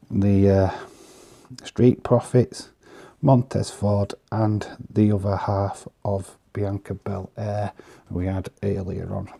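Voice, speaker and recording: A man casually commenting on trading cards in an easygoing, chatty way, pausing often with fillers. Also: lowish voice, gravelly, mellow. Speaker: vlogger showing trading cards.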